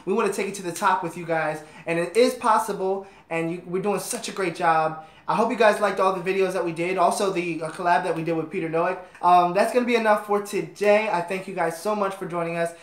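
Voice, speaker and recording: Gushing, excitable man in an echoey room. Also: sits high, fairly quick, few pauses. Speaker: host of a music reaction channel. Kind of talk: reaction commentary.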